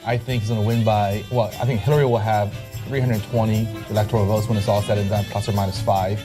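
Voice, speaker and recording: A man's voice: lowish voice, little pitch movement, fast. Confident man pundit over music. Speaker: political show host. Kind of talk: news commentary.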